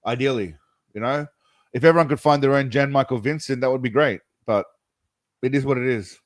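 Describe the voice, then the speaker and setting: A man hosting a relaxed live chat with his viewers, meandering from thought to thought and chuckling as he goes. His voice sits in a middling register and is recorded close and dry, with no room echo. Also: medium pitch, fairly quick. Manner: rambling, laughs often, says mate and brother. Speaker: livestream host.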